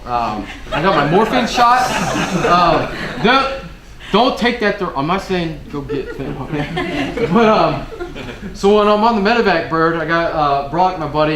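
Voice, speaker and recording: A man in his thirties giving a casual briefing to an audience, telling stories in a laid-back, rambling way that turns loud and laughing in the funny parts. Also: on the high side, roomy sound, slight background noise. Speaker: military speaker giving a resiliency briefing. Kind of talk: casual storytelling talk to an audience. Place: room with an audience.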